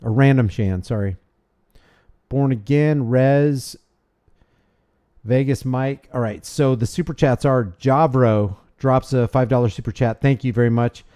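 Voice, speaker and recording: A man hosts a casual livestream and reads his viewers' messages aloud. His voice sits in the middle range with a mellow, dark tone. He rambles and restarts sentences as he thanks people by name. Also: mid-range voice, measured pace. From United States. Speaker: livestream host. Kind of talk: casual livestream chat reading super chats.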